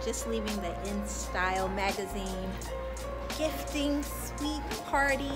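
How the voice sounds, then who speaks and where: A woman's voice: mid-range voice, slow. A woman talking casually to her phone camera, narrating her day as a vlogger. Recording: music playing behind.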